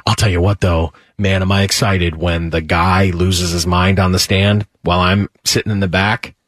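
A man's voice: low voice, little pitch movement, normal speed, fairly bright tone, no room sound, clean studio sound. A man co-hosting a radio talk show, telling stories in casual banter and laughing as he jokes. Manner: laughing, joking storyteller.

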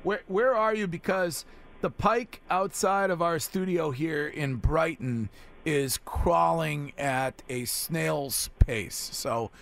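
A man's voice: fairly high pitch, takes it slowly, vocal fry, a bit bright. A man hosting a radio show in a studio, with playful, teasing banter and frequent laughs. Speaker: radio host. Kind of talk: casual morning radio chat. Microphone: studio mic.

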